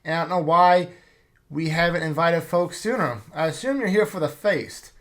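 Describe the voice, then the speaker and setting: A man's voice: fairly high pitch, normal speed, lightly acted. A man voicing an eager, cheerful young man from an island village while reading a game's story aloud. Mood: excited welcoming. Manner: excited, upbeat.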